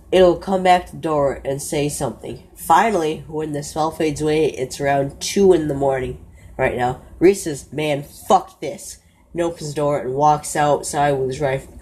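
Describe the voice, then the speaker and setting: A woman narrating a first-person horror story in a slow, low-key way, often stopping to correct herself. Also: a little mellow, husky.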